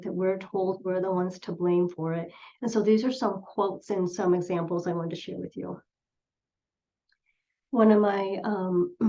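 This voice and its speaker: A middle-aged woman psychologist giving an earnest presentation, retelling patient stories with quoted voices. Her voice sits at a middling pitch. The recording sounds slightly dull and lo-fi. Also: dark tone. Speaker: clinical psychologist speaker. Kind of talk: presentation talk.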